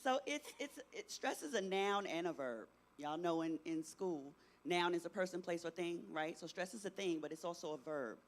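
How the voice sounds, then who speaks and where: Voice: medium pitch, animated, moderate pace, few pauses. Middle-aged presenter quizzing teens. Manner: keeps asking the audience, tags "right?". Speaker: youth workshop presenter. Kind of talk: interactive talk to teens.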